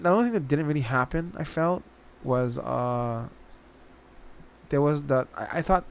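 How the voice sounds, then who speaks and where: A man's voice: medium pitch, normal speed, smooth. A man hosting a reaction channel, giving a rambling, casual spoken review, often restarting his sentences and swearing now and then.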